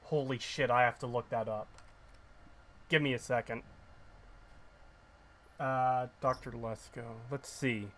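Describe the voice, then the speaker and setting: A man's voice: medium pitch, steady tone, takes it slowly, long pauses, fairly bright tone, slight background noise. A male game streamer giving casual, ranting commentary, blunt and sarcastic, who swears freely.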